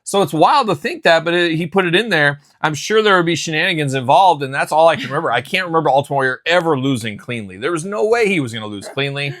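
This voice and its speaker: Guy hosting a chatty show, bright voice, dry close sound, tells stories with lots of energy. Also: on the high side, fast talker, hardly any pauses, no room sound. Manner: chatty, animated storytelling. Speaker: host. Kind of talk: casual chat.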